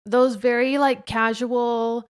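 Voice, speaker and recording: Chatty, expressive young woman podcaster. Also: fairly high pitch, takes it slowly, clear, resonant tone. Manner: chatty and expressive, frequent filler "like". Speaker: podcast host, interviewed by her husband. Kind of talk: casual conversational chat.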